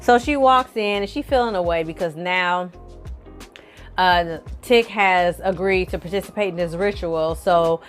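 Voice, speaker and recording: A woman casually recapping a TV episode for viewers, telling the story in a lively, slangy and profane way. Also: fairly low pitch, unhurried, faint music behind. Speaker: film and TV reviewer.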